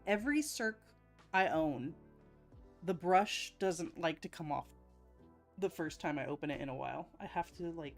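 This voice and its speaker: A woman's voice: sits low, animated, moderate pace, faint music behind. A woman hosting a casual live stream, chatting to her viewers and laughing often. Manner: giggly, breaks into laughter often; chatty, talks straight to viewers. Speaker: live-stream host painting nails.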